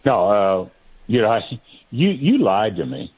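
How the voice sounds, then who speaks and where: A man co-hosting a talk radio show, teasing and animated. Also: fairly low pitch, measured pace, husky, phone-quality sound. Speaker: radio co-host.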